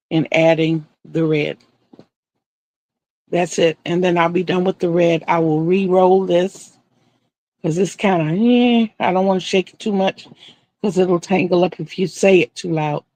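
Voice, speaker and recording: A woman's voice: lowish voice, fairly even intonation, measured pace, pauses often, darkish tone, no room sound. An older woman chatting casually on a live stream as she crochets, rambling and repeating herself.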